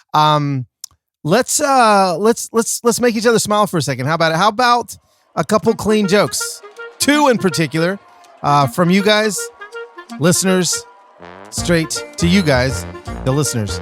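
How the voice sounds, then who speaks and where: A man hosting a podcast, telling a casual story in an animated way with comic exaggeration and self-mocking asides. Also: mid-range voice, no echo, studio quality. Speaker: podcast host.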